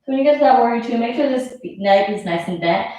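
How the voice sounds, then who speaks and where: A woman's voice: a little high, animated, fast talker, mellow. A woman leading a yoga class, out of breath as she gives casual, encouraging cues and counts down the breaths. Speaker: yoga instructor. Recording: very echoey room, mic far off.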